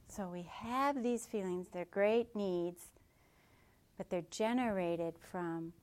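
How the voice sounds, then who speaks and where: In a mid-range voice, a woman teaching meditation delivers a gentle, reflective dharma talk punctuated by soft asides.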